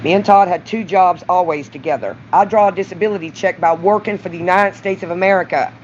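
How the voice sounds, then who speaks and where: A woman's voice: fairly low pitch, quick pace, a little mellow, a little hiss or hum. Middle-aged southern woman ranting to her camera, swearing, rambling, dull lo-fi sound. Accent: Southern US (Mississippi). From Mississippi, US. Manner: rambling, blunt, profane, bursts of raised voice. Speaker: vlogger. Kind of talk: raw confessional monologue to camera. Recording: dull lo-fi recording.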